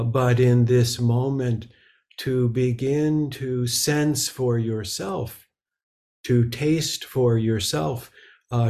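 A man giving a Zen dharma talk, slow and halting, with many filler sounds between phrases. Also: medium pitch, gravelly, a little mellow. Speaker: Zen teacher.

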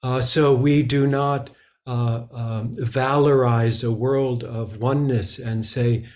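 A man giving a Zen dharma talk, slow and halting, with many filler sounds between phrases. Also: mid-range voice, steady tone, a little mellow. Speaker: Zen teacher.

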